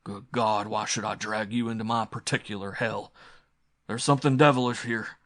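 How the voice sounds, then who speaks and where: A man voicing a panicked, gruff older recluse who shouts furiously. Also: lowish voice, steady tone, normal speed, dry recording, studio quality.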